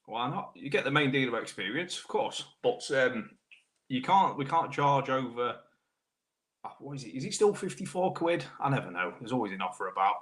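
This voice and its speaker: A British man, a car technician, hosting a live stream, chatting casually with viewers by name while clearing a sore throat. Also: mid-range voice, sing-song, normal speed, fairly bright tone. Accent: British English. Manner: chatty, matey banter, greets viewers by name. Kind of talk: casual live-stream chat reading comments.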